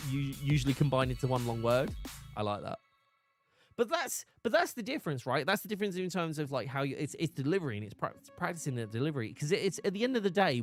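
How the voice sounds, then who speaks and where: A man streaming live, chatting casually and animatedly, often restarting and laughing. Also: fairly high pitch.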